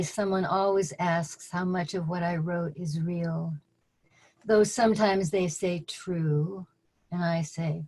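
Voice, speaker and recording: An older woman reads her poems aloud over a video call, taking her time with every line. Her voice sits a little low, and she drops in dry asides between pieces. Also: fairly even intonation, darkish tone, low-quality recording. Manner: measured, deliberate reading with dry spoken asides. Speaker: poet. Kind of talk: poetry reading at a virtual open mic.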